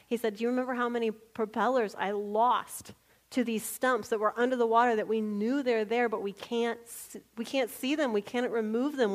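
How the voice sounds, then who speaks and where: A woman preaching a sermon, telling personal stories, laughing often and dropping to a near whisper for quiet moments. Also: a little high. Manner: storytelling, animated, laughs often, drops to near-whisper for quoted prayers.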